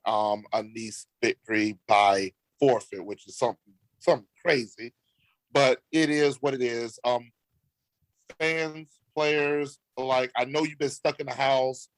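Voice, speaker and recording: A man's voice: medium pitch, no room sound, poor audio. A man co-hosting a sports podcast, telling a story in a laid-back way with slang. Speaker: podcast co-host. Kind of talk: casual sports chat.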